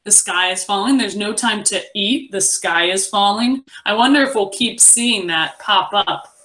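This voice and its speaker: A young adult woman teaching a reading lesson to a class, encouraging and expressive as she reads aloud. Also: mid-range voice, measured pace.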